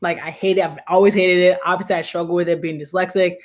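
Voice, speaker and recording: A woman's voice: on the low side, fairly even intonation, fast talker. A young woman, a basketball player, telling a story as an interview guest in a rambling, casual way, full of "like" and "you know".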